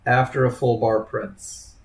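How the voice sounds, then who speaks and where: A man's voice: medium pitch, flat delivery, measured pace, creaky. A man leading a live trading webinar, talking casually to students by name and acting out traders' thoughts. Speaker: trading instructor. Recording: echoey room.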